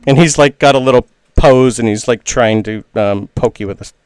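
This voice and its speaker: A man's voice: mid-range voice, normal speed, a little mellow, smooth, no room sound, studio quality. Man narrating as a game master. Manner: casual, rambling narration with filler words.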